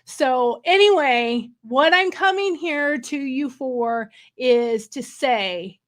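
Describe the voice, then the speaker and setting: A woman's voice: sits high, animated, slow pace, few pauses, a bit bright. A woman hosting a casual livestream from a hotel room, rambling and wired, with frequent laughs. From California. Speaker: livestream host.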